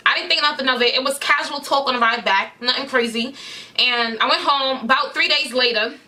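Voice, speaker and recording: Bright-voiced New woman telling a story. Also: high voice, fairly quick. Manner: animated, slangy and candid. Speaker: vlogger. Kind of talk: casual storytime.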